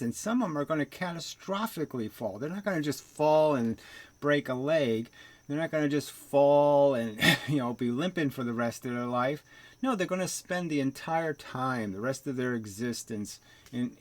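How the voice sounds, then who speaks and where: A man giving a ranting video commentary, abrasive and mocking, swearing and scoffing with short laughs. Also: medium pitch.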